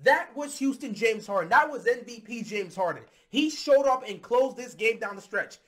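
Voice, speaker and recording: A man delivering a heated, exasperated fan rant about his basketball team, breaking into shouts. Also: extremely high pitch, lively intonation, moderate pace. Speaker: sports commentator.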